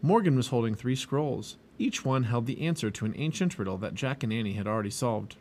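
Man reading a kids' book out loud, mid voice, lots of ups and downs. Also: medium pitch, fairly quick, slight background noise. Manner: expressive, lively read-aloud. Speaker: storybook reader. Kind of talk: reading a children's book aloud.

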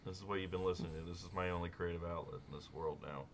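A man co-hosting a podcast in casual comedic chat, riffing sardonically on absurd dark jokes and laughing often. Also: low voice, steady tone, rapid-fire, slight background noise. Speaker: podcast co-host.

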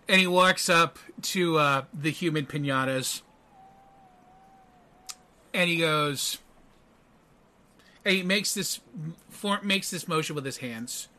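A man narrating a tabletop game as game master, halting and full of fillers. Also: a little high, pushed and bright.

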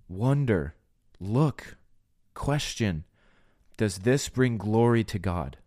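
A man's voice: lowish voice, a little mellow, no room sound, clean studio sound. A man hosting a solo podcast, preaching earnestly and pleading with listeners, often acting out the voices he quotes.

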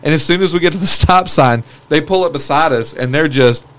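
Animated, profane storyteller, a bit high. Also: male voice, brisk. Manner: profane, animated, laughs through his stories. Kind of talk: casual storytelling chat.

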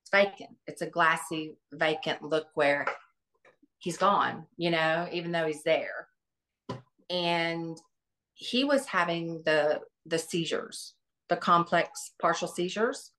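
A woman's voice: sits low, slow, a bit bright. A middle-aged woman, a guest on an interview, recalling family memories in an earnest, reflective way with many restarts. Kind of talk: interview, personal recollection.

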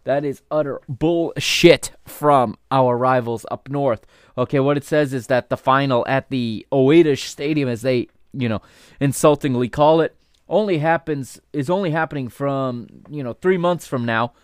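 A man hosts his own podcast in a dry, close sound with no room around his voice. His pitch sits in the middle for a man. He talks with indignant heat and swears freely when he gets worked up. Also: moderate pace, clear, resonant tone, no room sound. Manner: heated, indignant ranting with outbursts of swearing; rises from calm explanation into loud, stressed outrage. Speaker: podcast host. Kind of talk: solo podcast commentary.

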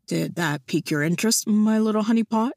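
A woman's voice: animated, normal speed, a little mellow, dry recording, clean studio sound. A woman voicing a silky, teasing charmer. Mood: flirtatious. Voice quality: low, silky and smooth.

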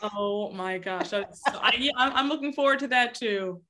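A woman's voice: mid-range voice, normal speed, pushed and bright. A woman who is a guest on a podcast, chatting casually and agreeing readily. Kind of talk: casual chat.

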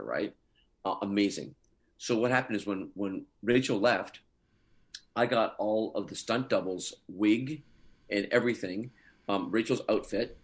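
A middle-aged man, a guest actor, telling funny behind-the-scenes stories in a casual, animated way and chuckling often. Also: fairly low pitch.

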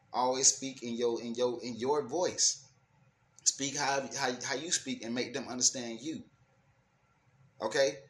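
A man with a mid-range, fairly bright voice rants to the camera in African American Vernacular English. He is casual but emphatic, swears, and stumbles back through repeated words and restarts as he thinks. The room is echoey, with faint ambient noise.

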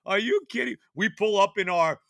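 An older man, telling a rambling, animated story on his podcast, full of fillers and restarts. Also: sits high, normal speed, vocal fry, no echo, studio quality. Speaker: podcast host. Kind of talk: casual storytelling monologue.

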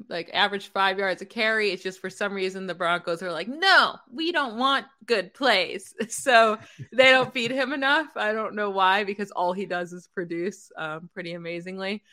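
A woman's voice: mid-range voice, pushed and bright. A woman co-hosting a sports podcast, playful and teasing as she riffs on football teams. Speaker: podcast co-host. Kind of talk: casual fantasy football chat.

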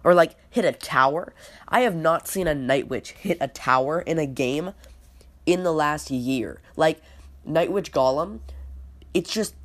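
A woman hosting a podcast, giving a casual, rambling opinion rant full of fillers and restarts, often rattling off lists. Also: sits low. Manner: lists items off in quick runs. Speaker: podcast host.

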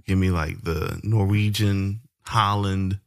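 A man co-hosting a casual podcast, talking in an animated way, laughing often and swearing freely. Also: deep voice, slow, gravelly. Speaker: podcast co-host.

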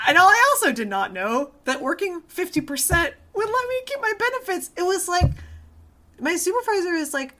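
A woman's voice: very high-pitched, big pitch swings, normal speed, sharp tone. A young woman in casual chat, telling a story animatedly, acting out quotes and swearing freely.

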